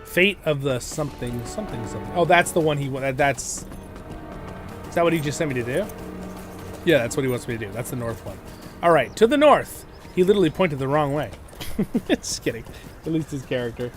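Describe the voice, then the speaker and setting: A man's voice: a little high, animated, brisk, music in the background. A man hosting a gaming livestream, chatting casually and rambling with many fillers and laughs.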